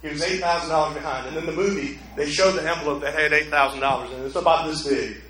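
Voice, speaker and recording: Male preacher, high voice, dramatic storyteller, very roomy sound. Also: fairly even intonation, quick pace, a crowd in the background. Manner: dramatic storytelling, swinging from hushed to loud. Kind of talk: sermon.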